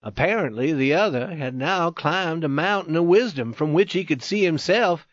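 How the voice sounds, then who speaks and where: A man narrating a story in a steady, measured reading. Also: a little high, dry recording, muffled recording. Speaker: audiobook narrator. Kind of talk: scripted narration.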